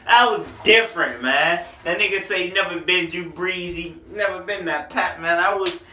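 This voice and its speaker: A man giving a casual, animated album review, slangy and excited about the lyrics, recorded roomy and from a distance. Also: sits high, normal speed, slight background noise. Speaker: music reviewer.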